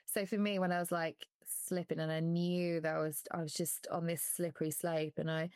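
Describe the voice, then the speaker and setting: A former athlete shares an emotional interview in a fairly low, somewhat mellow voice with flat delivery and moderate pacing. She's candid, laughing at points and near tears at others as her voice catches. No room sound is audible.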